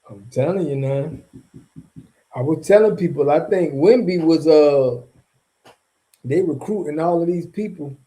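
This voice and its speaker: Mellow-voiced slangy man vlogging. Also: on the high side, a little slow, pauses often. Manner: slangy, rambling, chuckles between points. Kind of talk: casual off-the-cuff commentary.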